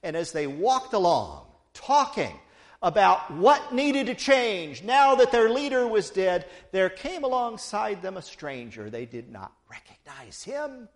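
A man's voice: high-pitched, very animated, a little slow. A man preaching a sermon, retelling a story with playful asides to the congregation.

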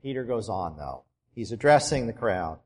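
A man pastor giving a sermon in a church, telling the story conversationally and dropping soft for emphasis. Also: fairly low pitch, very animated, normal speed, long reverb tail.

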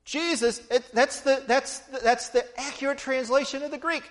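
A man's voice: very high voice, moderate pace. A man preaching a sermon, retelling a story with playful asides to the congregation.

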